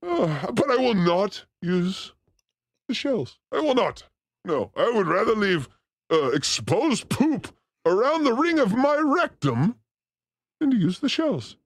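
A man's voice: high-pitched, very animated, slow, heavily acted. A man doing a manic crude demon. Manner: manic, crude, frequent shouting outbursts. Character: boastful crude male demon comedian. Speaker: comedy streamer playing a demon character. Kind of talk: live-stream comedy rant.

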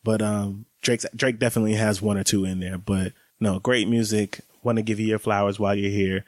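A young man in his late twenties with a fairly low voice talks to camera in a loose, chatty vlog style, laughing here and there. The sound is close and dry, with no room echo. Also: flat delivery, a little fast. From American South. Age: 20s. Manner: chatty, laughs while talking. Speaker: vlogger. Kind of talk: casual vlog monologue.

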